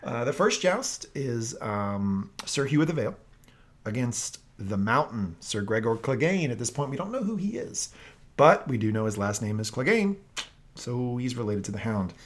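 A man co-hosting a casual recap podcast, telling scenes in an animated way with laughs and quick voice impressions. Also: mid-range voice. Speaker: podcast co-host.

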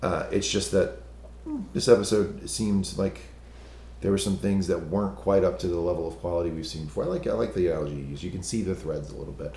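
A man with a hoarse, gravelly voice, co-hosting a casual podcast chat. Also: sits low, fast, warm tone, roomy sound, slight background noise. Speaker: podcast co-host.

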